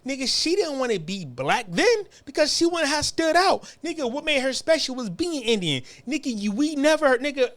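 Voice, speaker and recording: A man's voice: very high voice, sing-song, brisk, hardly any pauses, a bit bright. A man from the United States ranting in a casual, profane, rambling way, often stumbling and restarting his sentences. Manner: rambling, repetitive, heated, frequent stammered restarts. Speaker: commentary channel host.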